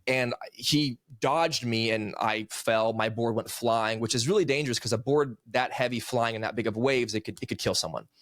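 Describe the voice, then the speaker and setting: A man's voice: medium pitch, fairly bright tone, no echo, studio quality. A man in his thirties, a podcast guest and author, earnestly telling a personal story in casual conversation. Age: 30s.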